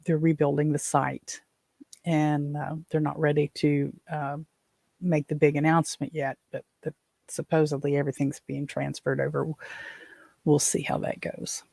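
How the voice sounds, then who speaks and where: Gravelly-voiced woman host venting. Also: deep voice, little pitch movement, normal speed, warm tone, dry recording, clean studio sound. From West Virginia. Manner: rambling, exasperated storytelling with many fillers. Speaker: podcast host. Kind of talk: casual chat.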